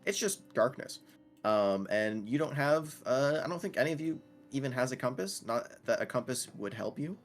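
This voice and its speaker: A man's voice: medium pitch, lively intonation, moderate pace, faint music behind. A man narrating as game master in a tabletop role-playing game, laid-back and rambling.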